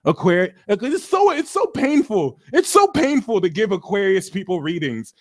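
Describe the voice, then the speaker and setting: Excitable man with a lively high voice. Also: moderate pace. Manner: theatrical, excitable, jokey. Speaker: astrology reader and live stream host. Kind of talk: live stream Q&A chat.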